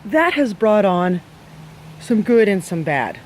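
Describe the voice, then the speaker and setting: A man's voice: high-pitched, sing-song, slow, slight background noise. A man giving dog owners blunt training advice, emphatic and scolding, with many rhetorical questions.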